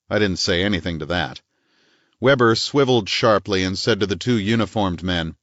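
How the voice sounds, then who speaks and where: A man reading a hardboiled detective novel in first person with a dry, clipped, deadpan delivery. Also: sits low, normal speed, dry recording. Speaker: audiobook narrator. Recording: dull, dry studio audio.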